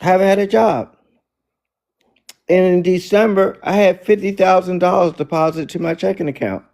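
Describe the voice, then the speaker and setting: A man's voice: high voice, steady tone, normal speed, darkish tone. A man giving an inspirational faith talk, emphatic and preachy, repeating his key phrases. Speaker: motivational speaker.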